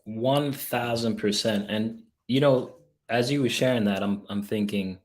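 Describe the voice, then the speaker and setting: A man who is a guest software trainer, talking calmly and appreciatively in an interview. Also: fairly low pitch, measured pace. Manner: calm and appreciative. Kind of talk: interview conversation.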